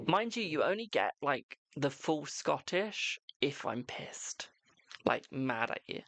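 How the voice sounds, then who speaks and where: A man's voice: medium pitch, gravelly, a bit bright, no echo. A British man chatting casually on a live stream as a tarot reader, talkative and self-mocking, swearing now and then.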